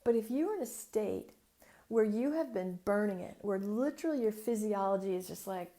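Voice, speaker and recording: Animated woman telling a story. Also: mid-range voice, moderate pace. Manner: chatty and animated, acts out voices in quotes. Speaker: business mentor and podcast host. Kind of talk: casual solo podcast storytelling.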